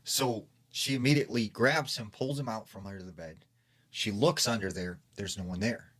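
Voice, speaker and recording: A man's voice: fairly low pitch, normal speed, a bit bright. A man casually retelling a scary story secondhand, with lots of fillers.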